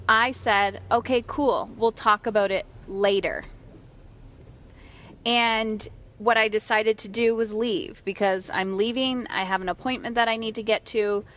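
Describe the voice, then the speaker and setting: A woman in her thirties hosting a solo podcast, telling a candid, animated story about family life and acting out the voices she quotes. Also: mid-range voice. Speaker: podcast host.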